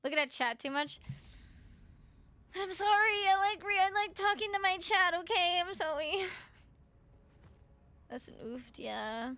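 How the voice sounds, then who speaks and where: A woman's voice: very high-pitched, expressive, slow, pauses often, pushed and bright. A woman from Canada, chatting casually with her viewers during a live game stream and swearing freely. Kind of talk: live gaming stream chat.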